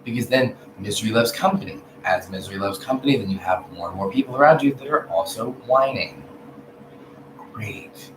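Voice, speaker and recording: A man giving a casual, profane spiritual rant, blunt and animated, swinging between loud outbursts and low mutters. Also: normal speed. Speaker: vlogger. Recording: echoey room with background noise.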